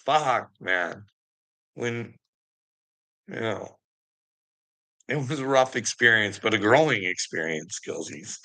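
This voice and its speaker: Man, gravelly voice, bright edge, rambling, profane, laughs between words. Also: on the low side, lively intonation, slow, pauses often. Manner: profane, rambling, laughs often mid-sentence. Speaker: vlogger. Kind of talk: casual monologue to a friend.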